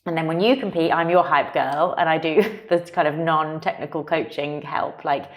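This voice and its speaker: A chatty woman in her thirties co-hosts a casual talk. Her voice sits low for a woman, and she often breaks off mid-thought or slips in a laugh. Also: fairly even intonation, moderate pace. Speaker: podcast co-host. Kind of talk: casual chat.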